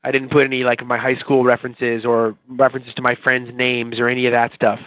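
A man's voice: medium pitch, monotone, brisk, no room sound, dull audio. A man in his forties from the Boston area, a TV writer talking casually as an interview guest, rambling and self-mocking. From Boston area, Watertown.

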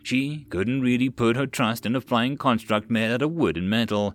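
A man narrating a web novel audiobook in a steady, plain reading voice, close to the mic. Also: mid-range voice, normal speed, few pauses.

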